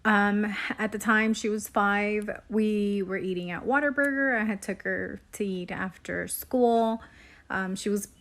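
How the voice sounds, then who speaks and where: Woman, unhurried storyteller, halting and uneasy delivery; casual storytime. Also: medium pitch, a bit bright. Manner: slow, halting, unsettled retelling.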